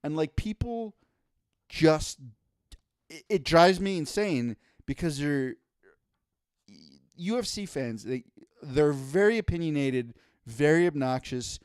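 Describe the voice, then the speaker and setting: Podcast co-host, male, fed-up profane rant, slightly higher voice, dry studio sound. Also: animated, unhurried, a little mellow, clear, resonant tone, no room sound. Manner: exasperated, profane ranting.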